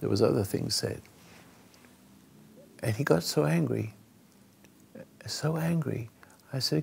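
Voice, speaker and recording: A man hosting a call-in radio show, telling a story dramatically and swinging between loud and hushed, halting and restarting mid-phrase. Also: mid-range voice, gravelly, slightly rough.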